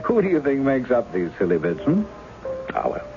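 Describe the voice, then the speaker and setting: A man's voice: mid-range voice, wildly swooping pitch, normal speed, vocal fry. An actor playing a charming, wry male novelist in his forties who poses as a woman's lost husband, in 1970s radio drama style. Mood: playful. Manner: teasing, easy charm. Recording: muffled old radio broadcast with music.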